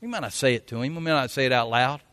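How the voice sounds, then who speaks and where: A pastor preaching a folksy sermon, now and then acting out quotes in a loud voice. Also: male voice, medium pitch, lively intonation, very fast, smooth. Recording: long hall reverb.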